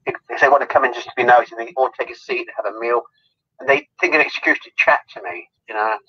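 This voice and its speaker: A man's voice: medium pitch, quick pace, slightly rough. A man, a guest telling rambling, giggly anecdotes in a casual interview, over muffled call audio. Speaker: guest, celebrity lookalike.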